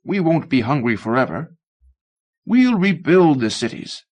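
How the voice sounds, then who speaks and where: A man reading a story aloud, voicing a gentle, nostalgic old man who lingers softly over what he remembers. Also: fairly high pitch, sing-song, measured pace, voice pushed up. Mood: soothing.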